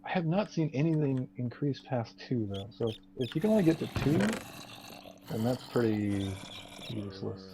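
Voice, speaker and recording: A man's voice: mid-range voice, animated, normal speed. Chill guy walking through his minecraft gear, bit of hiss behind him. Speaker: gamer co-host. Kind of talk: casual gaming commentary.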